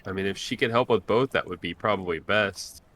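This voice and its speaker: A man's voice: deep voice, brisk, a bit bright. A man playing at a tabletop role-playing game, chatting casually in a playful way. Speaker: player. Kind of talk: casual chat.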